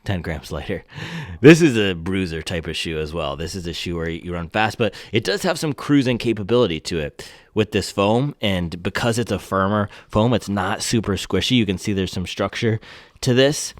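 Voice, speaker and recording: A man hosting a casual shoe review, talking excitedly and breaking into slangy exclamations. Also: lowish voice, no room sound, studio quality. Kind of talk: casual product review vlog.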